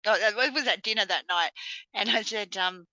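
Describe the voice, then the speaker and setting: A woman, co-hosting a casual chat and telling lively stories with acted-out voices and laughter. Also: medium pitch, moderate pace, no echo, muffled recording. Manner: animated storyteller, acts out voices with laughs. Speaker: podcast co-host.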